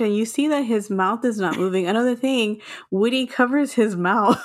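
A woman from Texas co-hosting a podcast, chatting casually with frequent laughs and quick asides. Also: a little high. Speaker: podcast co-host. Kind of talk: casual chat.

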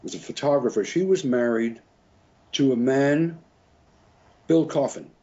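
Older male musician, husky voice, middle pitch, loose chuckling storyteller; dull lo-fi recording. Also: unhurried, mellow. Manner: rambling, chuckling, self-correcting. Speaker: interviewee, French horn player. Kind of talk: casual anecdotal storytelling.

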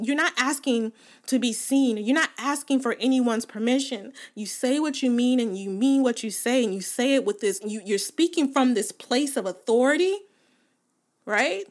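A woman hosting a podcast in casual chat with her listeners, chatty and emphatic, often laughing and repeating her points for weight. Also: on the high side. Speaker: podcast host.

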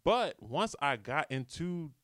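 A man's voice: on the high side, very animated, slow pace, fairly bright tone, no room sound, clean studio sound. A man hosting a solo podcast, giving a casual, slangy motivational talk and often repeating himself. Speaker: podcast host. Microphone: studio microphone.

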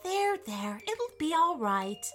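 A woman voicing a kind, sensible young girl in a storybook, gentle and soothing. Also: extremely high pitch, sing-song, slow pace, soft background music, pitched above the performer's own voice, heavily acted.

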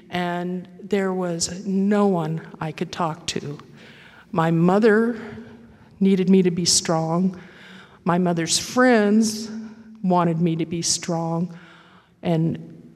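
A woman giving a halting, reflective personal testimony at a recovery meeting, with many pauses and fillers. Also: fairly low pitch, darkish tone, in a large hall.

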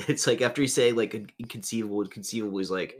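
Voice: mid-range voice, fast. A podcast co-host chatting casually about a movie, giggling and using many filler words. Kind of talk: casual movie review chat.

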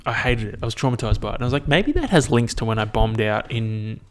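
A man's voice: on the low side, lively intonation, quick pace. A young man, hosting a podcast alone and chatting casually in a rambling, self-mocking way with plenty of swearing. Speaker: podcast host. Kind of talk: casual solo podcast chat.

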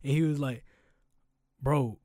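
A young man in casual podcast chat, telling stories with lots of slang and animated bursts. His voice sits at a middling pitch. The sound is dry and close, with no room echo. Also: fairly quick. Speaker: podcast co-host.

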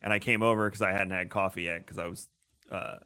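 Animated man telling stories with bright tone. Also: low-pitched, fast, clear, resonant tone. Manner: animated storyteller who acts out voices loudly; swears freely. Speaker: podcast co-host. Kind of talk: casual chat.

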